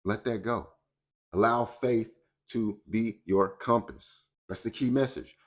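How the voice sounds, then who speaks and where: A man's voice: lowish voice, steady tone, measured pace. A man speaking as a motivational speaker in a colloquial, preachy way, acting out the voices he quotes. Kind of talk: motivational talk.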